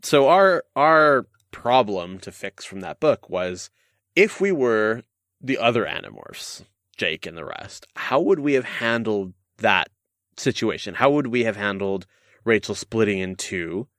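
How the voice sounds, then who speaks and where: A man's voice: lowish voice, animated, a bit bright, no room sound. Young man hosting a podcast, dry close mic. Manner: reads listener mail aloud, quick jokey banter. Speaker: podcast host. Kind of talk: casual podcast chat.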